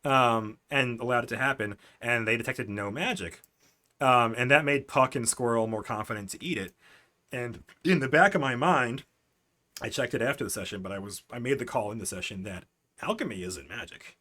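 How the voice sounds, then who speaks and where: A man's voice: medium pitch, normal speed, pushed and bright. A man streaming as a game master, casually recapping his last tabletop session in a rambling, self-correcting way with frequent laughs.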